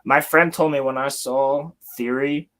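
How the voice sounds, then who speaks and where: A young man hosting a livestream from home, telling a story in an excited, rambling way with casual swearing. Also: mid-range voice, measured pace, slight background noise. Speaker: livestream host. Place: home, building Lego on stream.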